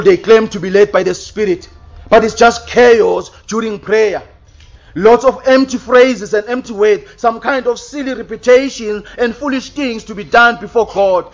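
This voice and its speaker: Male preacher, high-pitched, emphatic sermon delivery with pointed rhetorical questions, dull lo-fi recording. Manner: emphatic, rhetorical questions, mock-babbling for effect. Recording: dull lo-fi sound.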